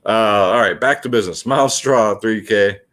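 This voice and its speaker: A man's voice: on the low side, brisk, fairly bright tone. A man hosting a fantasy sports picks video, talking casually and addressing his viewers as guys.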